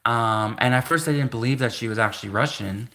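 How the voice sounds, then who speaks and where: A man in his thirties with a bright, forward voice hosts a livestream and tells a story in a loose, wandering way. He keeps correcting himself mid-sentence and scatters "like" through his talk, laughing between thoughts. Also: medium pitch, fairly quick. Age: 30s. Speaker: livestream host. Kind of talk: rambling casual storytelling.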